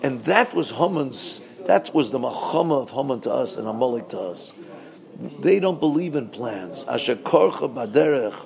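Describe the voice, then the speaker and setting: A man teaching a Purim Torah talk, asking rhetorical questions and answering them, swinging between loud bursts and low asides. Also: expressive, moderate pace, vocal fry.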